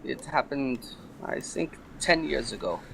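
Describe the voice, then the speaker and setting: A man's voice: medium pitch, unhurried, gravelly, a bit bright, a little hiss or hum, rough recording. A man playing his character in a tabletop role-playing game, speaking carefully and politely. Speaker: player.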